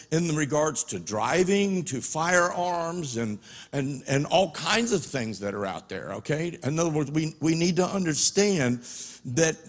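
A man preaching a sermon, telling a personal story in a conversational way and often checking in with his listeners. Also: fairly high pitch. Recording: long hall reverb.

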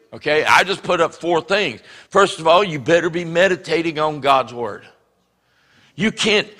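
A man preaching a sermon as pastor, animated and acting out the voices he quotes. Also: on the high side, long reverb tail. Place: church sanctuary.

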